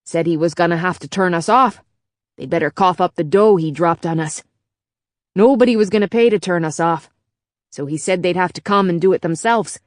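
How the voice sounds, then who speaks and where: A woman's voice: fairly low pitch, moderate pace, no echo, studio quality, natural voice. A woman voicing a worn-out, confused male robot bartender with a Chicago accent and a brash, profane way of talking. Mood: bitter. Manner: brash, profane working-class bar talk.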